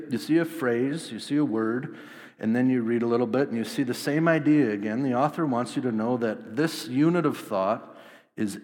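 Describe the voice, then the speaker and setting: A man's voice: mid-range voice, darkish tone. A man preaching a sermon, explaining scripture conversationally with asides and light jokes. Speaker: pastor. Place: church sanctuary. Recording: long hall reverb.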